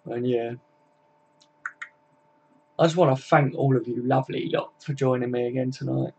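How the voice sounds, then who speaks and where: Tired, gravelly lad on a stream. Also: male voice, mid-range voice, steady tone, moderate pace, warm tone, a little hiss or hum. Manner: chatty, matey, swears freely. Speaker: football fan streamer. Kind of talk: casual live-stream chat.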